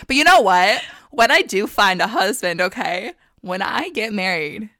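A woman co-hosting a casual faith podcast, telling animated stories and laughing often. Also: medium pitch, normal speed, few pauses, dry recording, clean studio sound. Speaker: podcast co-host.

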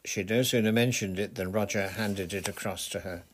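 A man narrating a children's adventure novel in a steady, measured storytelling voice. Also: lowish voice, slight background noise. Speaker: audiobook narrator. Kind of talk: scripted narration.

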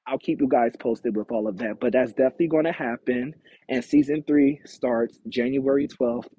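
A man hosting his own podcast, giving listeners updates in a casual, unhurried, rambling way with many fillers. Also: mid-range voice, creaky, dark tone, slightly rough, no echo, dull audio. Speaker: podcast host. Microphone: phone or small home setup.

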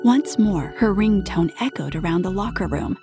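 A woman narrating an erotic audio story in a soft, intimate voice that often drops to a half-whisper. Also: medium pitch, expressive, normal speed, over music.

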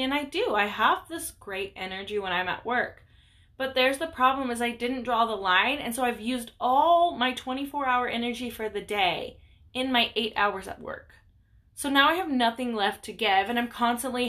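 A woman's voice: fairly high pitch, normal speed, bright, forceful tone. A young woman hosting a podcast, talking candidly and chattily about her own life in a rambling casual monologue. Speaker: podcast host.

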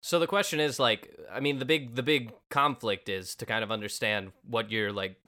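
A man co-hosting a podcast in casual chat, animated and acting out quotes in little voices. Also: mid-range voice, normal speed. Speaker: podcast co-host.

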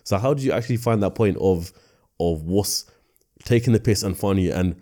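Male podcast host, low mellow voice, fast relaxed chat. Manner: easygoing, frequent yeah-yeah backchannels.

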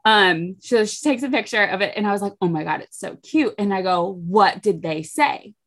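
A woman's voice: medium pitch, lively intonation, moderate pace. A young woman co-hosting a casual chat podcast, telling gossipy stories about her family and acting out what each person said. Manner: gossipy storytelling, acts out quoted voices. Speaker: podcast co-host.

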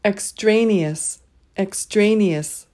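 A woman leading a pronunciation drill, saying each word twice and pausing so listeners can repeat. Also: medium pitch, warm tone. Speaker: pronunciation teacher.

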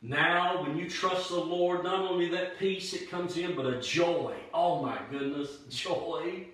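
A man preaching an evangelistic sermon, with emphatic, dramatic pauses. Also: fairly high pitch, fairly bright tone. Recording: very echoey room, voice far from mic.

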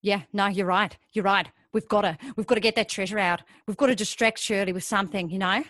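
A woman's voice: medium pitch, fairly even intonation, fairly quick, no room sound, clean studio sound, close to an everyday voice. A woman acting a conspiratorial schemer in an improvised comic soap. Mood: plotting. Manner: conspiratorial, drops to hushed tones. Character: scheming woman partner plotting a heist. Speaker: improv actor.

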